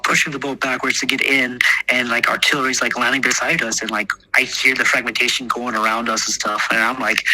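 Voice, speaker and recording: A man's voice: mid-range voice, bright, forceful tone, slight background noise, low-quality recording. An American man from Texas, a podcast guest telling a story casually, rambling and swearing, laughing at his own jokes and full of fillers. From Texas, United States.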